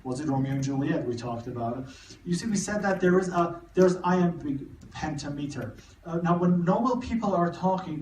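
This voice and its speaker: A man giving a live literature lecture, talking haltingly with many repeated words and restarts. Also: a little high, a little hiss or hum. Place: cinema hall. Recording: echoey room, mic far off.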